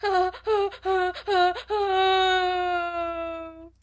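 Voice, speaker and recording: A woman's voice: very high voice, little pitch movement, very slow, voice pushed up, heavily acted. A woman voicing a spoiled little girl of about four who howls and sobs out broken words, read in an audiobook. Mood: wailing. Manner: howling, sobbing broken words.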